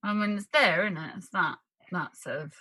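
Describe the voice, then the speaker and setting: A chatty woman with a husky, slightly low voice tells anecdotes in relaxed conversation. She laughs easily and slips into quick impressions of herself. The sound is close and dry, with no room around it. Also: dry recording, poor audio. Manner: chatty, laughs often, acts out quotes. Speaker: actress guest. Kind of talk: casual chat.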